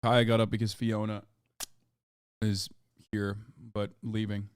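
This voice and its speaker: A man's voice: fairly low pitch, flat delivery, unhurried, smooth, no echo. A man in his thirties streaming, giving blunt, profane, mocking commentary on videos he reacts to. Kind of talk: casual livestream commentary.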